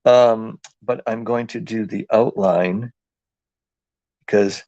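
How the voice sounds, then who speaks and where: A man's voice: on the low side, steady tone, slow pace, a little mellow, dry recording. A man with a New England accent hosting a casual live craft demonstration, rambling and joking as he thinks aloud while working, heard in dull lo-fi livestream sound.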